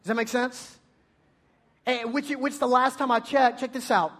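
A man, preaching as a high school youth pastor, with playful storytelling and sudden loud bursts. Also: fairly even intonation, moderate pace. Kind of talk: energetic youth sermon.

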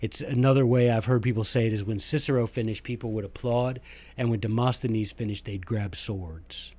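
Fast-talking man hosting a podcast. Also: mid-range voice. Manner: talks fast and excitedly, with restarts and emphatic asides. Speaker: podcast host and former teacher. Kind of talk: casual podcast monologue.

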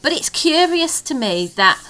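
A woman's voice: high voice, very animated, measured pace, bright, forceful tone. A woman co-hosting a podcast, chatting casually and enthusiastically about favourite snacks. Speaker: podcast co-host. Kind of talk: casual chat.

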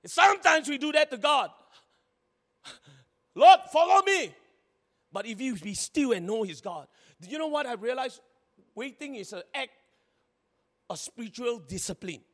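A man preaching a sermon in a lively, chatty way, laughing often and acting out little scenes. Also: very high-pitched, moderate pace. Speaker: pastor. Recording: long hall reverb.

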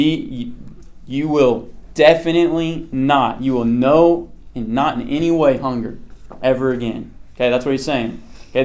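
A man teaching a Bible study in an easygoing, conversational way. He keeps checking in with his listeners and asks the group questions. His voice sits at an ordinary middle pitch for a man. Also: a little mellow. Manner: conversational, checks in with frequent "okay" and "right". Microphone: slides or screen presentation with a pointer.

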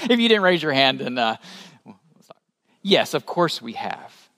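A man preaching a sermon as a pastor, animated and rising to emphatic peaks, asking the congregation questions. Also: fairly high pitch, slow pace. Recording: long hall reverb.

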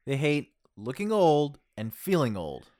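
A man's voice: on the high side, sing-song, a little slow, dark tone. Dry, teasing man reading listener messages. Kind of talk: casual chat.

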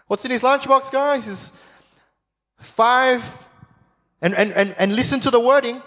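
A man preaching a sermon, telling the story in a lively, jokey way and acting out the voices of the people in it. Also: extremely high pitch, slow pace, pauses often, big-room sound.

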